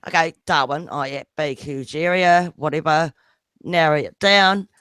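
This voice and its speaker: A man's voice: on the high side, unhurried, bright, forceful tone, clear, resonant tone, no echo, studio quality. A man rambling a story in a casual group voice chat, swearing freely and apologizing. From New Zealand.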